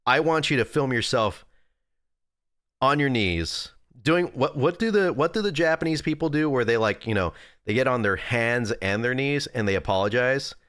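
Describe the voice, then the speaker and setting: A young man chatting casually on a live stream, rambling and joking with his viewers. His pitch swoops up and down constantly, and the sound is dry and close. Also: animated, moderate pace, a bit bright, no room sound. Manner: rambling, jokey, talks to chat. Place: at a desk indoors.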